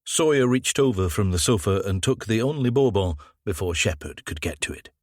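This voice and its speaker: A man narrating an audiobook crime thriller in a measured, even way on a close mic. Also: on the low side, dry recording. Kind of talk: scripted narration.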